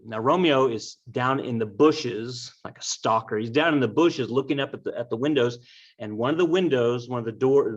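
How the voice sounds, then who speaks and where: A teacher retells a story to his class in a joking, lively way, often turning to address the students. His voice sits at a middling pitch, and the recording is dull and slightly muffled. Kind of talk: humorous storytelling lesson.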